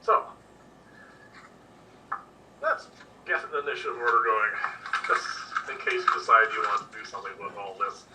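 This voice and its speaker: A man's voice: lowish voice, normal speed, long pauses. A man narrating as game master, describing scenes in an easygoing way with lots of fillers. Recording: distant mic with faint noise.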